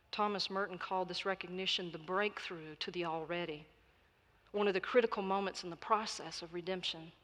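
A woman preacher giving a sermon in a measured, emphatic style. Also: mid-range voice, sharp tone. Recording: long reverb of a large hall.

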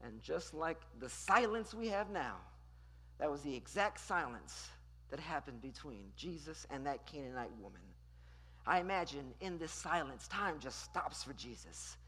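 A preacher delivering a sermon, dramatic and questioning, who swings between loud declarations and hushed lines. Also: mid-range voice, animated, unhurried, husky. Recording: long reverb in a large hall.

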